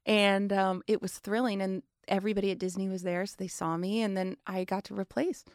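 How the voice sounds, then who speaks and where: A woman in her forties tells stories as a guest in a casual interview, chatty and full of fillers. Her voice sits at an ordinary pitch. The sound is close and dry. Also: flat delivery, a little fast, no echo. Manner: chatty storyteller, many fillers. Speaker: guest, stage actress.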